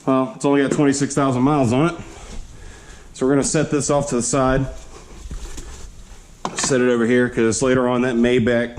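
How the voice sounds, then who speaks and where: A man with a medium-pitched, slightly mellow voice, on a recording with a little hiss or hum, talks casually through installing car suspension in a garage. Wearing the camera on his head, he's a little out of breath, unhurried, and talks himself through each step as he works.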